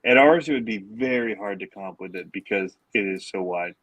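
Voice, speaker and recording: A man with a fairly low voice chats casually on a podcast, joking and bantering. He records from a hotel room late at night through a headset, and the sound is close and dry. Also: brisk, a bit bright, dry recording, low-quality recording. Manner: joking, trades banter and quips. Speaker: podcast co-host. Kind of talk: casual chat. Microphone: headphones with mic.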